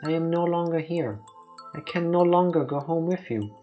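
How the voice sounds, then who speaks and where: A man voicing a gentle ghostly young male bird in a visual novel who speaks softly and quietly, with a pleading sorrow. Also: fairly high pitch, normal speed, faint music behind, voice pushed up, close to an everyday voice. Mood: sorrowful.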